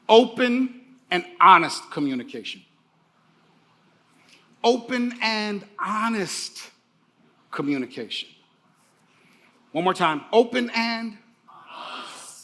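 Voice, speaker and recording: Emphatic high-voiced male keynote speaker. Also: fairly bright tone. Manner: emphatic, repeats key phrases. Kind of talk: motivational keynote speech.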